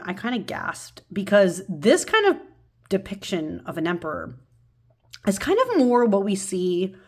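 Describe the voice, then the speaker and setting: A woman in a casual home video, talking through her tarot cards with rambling enthusiasm. Her pitch sits in an ordinary middle range, and her sentences keep restarting and filling with little verbal pauses. She sounds relaxed and informal, like she is chatting with viewers. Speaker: tarot channel host.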